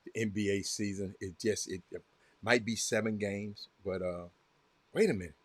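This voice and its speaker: Chatting casually with live viewers, a livestream host from Texas speaks in a Southern American accent, fairly low in pitch and at normal speed, on a dry recording. He gets excitable reacting loudly to a game, greets viewers by name, and says things more than once.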